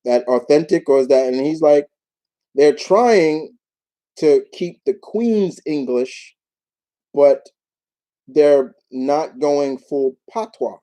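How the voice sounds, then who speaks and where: A man from New York hosting a casual live Q&A, talking in a rambling, animated way with many restarts. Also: fairly high pitch, slow pace, poor audio. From New York, United States. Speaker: YouTube show host.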